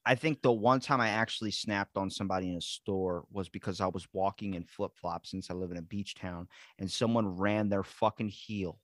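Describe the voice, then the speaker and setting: A man hosting a podcast in casual chat, telling animated stories full of swearing and acted-out quotes. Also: low-pitched, moderate pace, hardly any pauses, no echo, clean studio sound. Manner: animated storyteller, swears constantly, acts out quotes. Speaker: podcast host.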